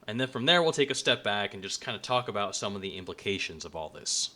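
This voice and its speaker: A man's voice: fairly low pitch, lively intonation, fast talker, bright, forceful tone. A man giving a casual explanatory lecture in a conversational way, with restarts along the way. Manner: conversational, restarts, acts out quoted lines. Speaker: religious studies video presenter.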